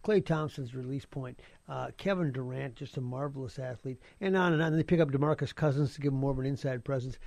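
A man's voice: medium pitch, fast talker, gravelly, hardly any pauses, darkish tone, no room sound. A man talking sports on the radio in a casual, rambling way, repeating words as he goes. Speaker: sports analyst.

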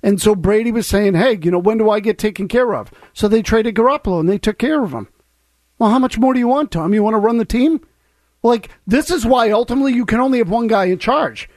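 A male co-host on sports radio questions every claim the others make. His voice is high, and the mic sound is dry and close. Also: animated, quick pace, a little mellow, dry recording. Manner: skeptical, challenging. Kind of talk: sports talk radio debate.

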